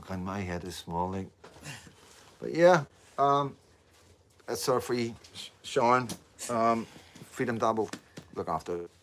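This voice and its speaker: A man's voice: mid-range voice, animated, measured pace, long pauses, a little hiss or hum. A man with a Northern Irish accent talking to viewers on a casual live stream, rambling with lots of repeated fillers and the odd swear word. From Northern Ireland.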